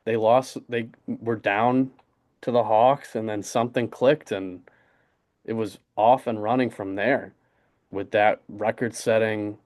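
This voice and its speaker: A man's voice: fairly low pitch, steady tone, unhurried, a little mellow. A young man, co-hosting a podcast in casual, rambling sports chat full of fillers and restarts. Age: young adult. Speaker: podcast co-host.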